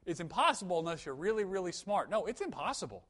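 A man's voice: high voice, very animated, fast, fairly bright tone. Conversational young man preaching a sermon. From United States. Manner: conversational, storytelling with humor and emphatic peaks.

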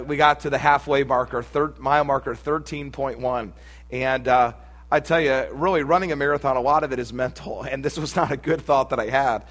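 A man's voice: medium pitch, fairly bright tone. A middle-aged man preaching a sermon, telling a humorous personal story with folksy asides before turning to scripture. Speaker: pastor.

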